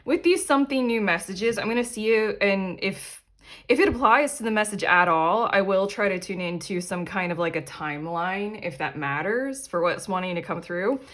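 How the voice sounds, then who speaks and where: A young woman talks through a tarot reading in a chatty, animated way. She laughs easily and trails off into fillers, and her voice sits in a middle pitch. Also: moderate pace. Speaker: tarot reader and channel host. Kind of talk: casual pick-a-card tarot reading.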